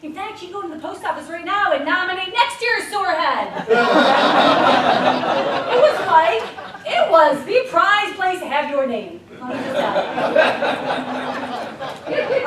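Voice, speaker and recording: A woman's voice: very high-pitched, heavy background noise. A woman giving a motivational talk to an audience, telling stories with frequent laughter. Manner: animated storytelling with frequent laughs. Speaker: speaker. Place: event room with an audience. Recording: echoey room, voice from a distance.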